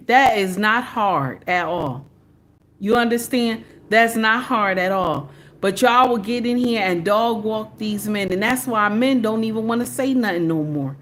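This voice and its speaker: A woman's voice: fairly high pitch, takes it slowly, a bit bright. Sassy Southern woman lecturing her viewers. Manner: preachy, sassy, talks straight to viewers with "baby" and "okay?". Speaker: livestream host. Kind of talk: casual livestream talk.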